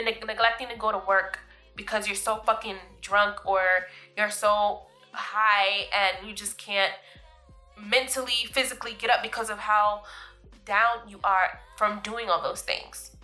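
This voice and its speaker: A woman's voice: mid-range voice, steady tone, measured pace, bright, forceful tone, soft background music. A woman hosting her vlog, giving casual, emphatic life advice, often laughing and calling listeners "boo". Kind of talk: casual motivational talk to camera.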